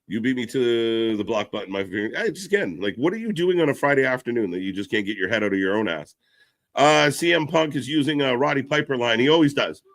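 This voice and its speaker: A man giving casual live commentary, reacting excitedly and chatting to viewers. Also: fast. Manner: excitable, pitch jumps when reacting, chatty asides to viewers.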